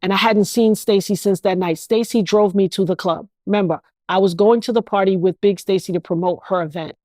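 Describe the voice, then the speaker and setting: A woman's voice: medium pitch, fairly quick, darkish tone, dry recording. A woman in her fifties, an interview guest speaking with an emphatic, repetitive, preacher-like cadence. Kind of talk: emotional interview.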